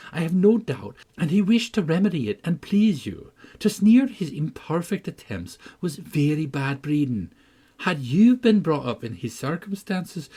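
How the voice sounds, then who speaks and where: A man reading an audiobook, voicing an earnest older housekeeper who gently reproves a girl. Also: fairly high pitch, slightly rough. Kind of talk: audiobook narration.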